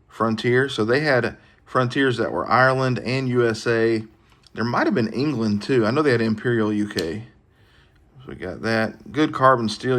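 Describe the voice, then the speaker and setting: A man talks through his latest mail haul in an easygoing, folksy manner. His voice sits a little low. The delivery is casual and unhurried, like a hobbyist chatting to his viewers. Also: fairly bright tone. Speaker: knife collecting channel host. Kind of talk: casual show-and-tell vlog.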